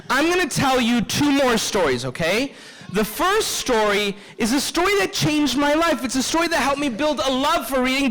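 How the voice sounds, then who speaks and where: A man telling a story to children at a live convention session, expressive and engaging the audience with call-and-response. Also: extremely high pitch, low-quality recording.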